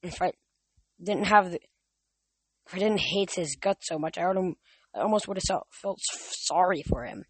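Young man reading a novel for his podcast, casual and halting, dry. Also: high-pitched, husky, no room sound. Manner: halting, with restarts and fillers. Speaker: podcast reader.

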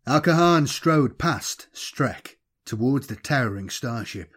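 A man narrating a dramatic action story in a measured, steady reading voice. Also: medium pitch, slightly rough.

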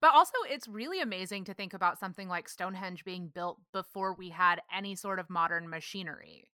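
A woman co-hosting a casual podcast, playful and wry with quick quips. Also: lowish voice, pushed and bright, no room sound, studio quality. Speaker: podcast co-host.

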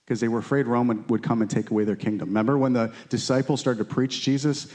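A man's voice: fairly even intonation, quick pace, darkish tone. A man teaching a Bible study in a conversational sermon style. He speaks earnestly and informally, often checking in with "right?" and "okay?". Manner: acts out quotes with lifted, pleading pitch.

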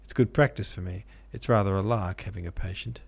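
A man's voice: low voice, steady tone, brisk, darkish tone, husky. A man voicing a cheerful, hearty young medical student who talks in a breezy, friendly way.

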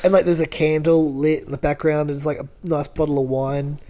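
A man talks through a reality show episode in easygoing podcast chat. He tells it in detail, jokes along the way and gets animated about the players. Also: a little high, fairly quick. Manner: animated, joking, detailed storytelling. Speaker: podcast co-host.

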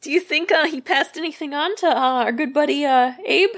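A woman's voice: sits high, a little fast, fairly bright tone. A woman co-hosting a podcast, casually recounting a true crime ghost story with lots of fillers. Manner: conversational storytelling with many fillers and "like". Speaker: podcast co-host.

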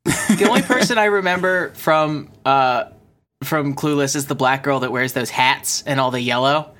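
A man co-hosting a casual podcast chat. He talks in an animated way with a lot of laughter. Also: normal speed. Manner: animated, laughing, breaks into high mock voices. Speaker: podcast co-host.

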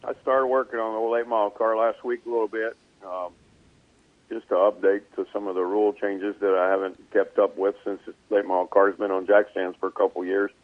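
A male race car driver calmly talking through his plans in a casual interview, with many ums and uhs. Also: lowish voice, no room sound. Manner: relaxed, measured, frequent um and uh. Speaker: race car driver and team owner guest. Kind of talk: casual interview on a phone line. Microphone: phone line. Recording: tinny phone line, dry.

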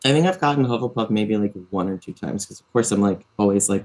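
A guest on a casual podcast talks in an earnest, rambling way, doubling back and restarting often. The voice sits at an ordinary middle pitch. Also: fast talker, a little mellow. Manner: rambling, self-correcting, earnest. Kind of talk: casual chat.

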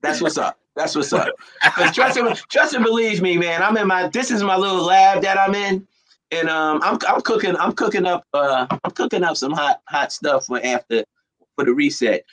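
A man's voice: sits high, moderate pace, low-quality recording. A man, a comedian guest, telling stories in casual chat with street slang. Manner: animated storyteller, street slang.

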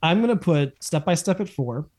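Male co-host, slightly high voice, casual chatty recap with lots of fillers. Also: normal speed. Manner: animated retelling with many fillers and restarts. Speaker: podcast co-host. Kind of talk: casual chat recapping TV episodes.

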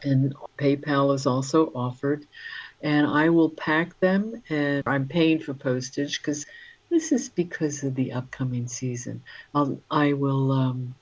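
A woman's voice: rumbling low, measured pace, lo-fi sound. A woman author being interviewed, talking in a rambling, chatty way with many fillers. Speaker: author guest. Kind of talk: casual interview chat.

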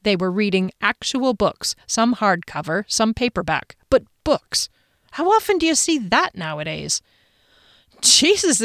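A woman narrates a first-person audiobook in a conversational, wry storytelling style. Her voice sits in the mid range, and the studio-quality recording carries no room sound.

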